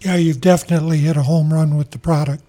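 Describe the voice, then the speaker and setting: Radio host, man, enthusiastic, mellow tone, slightly high pitch. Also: fairly even intonation, quick pace.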